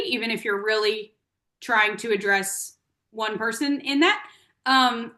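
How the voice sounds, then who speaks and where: A woman's voice: a little high, a bit bright. A woman occupational therapist answering questions in an online workshop, explaining with everyday examples over a video call.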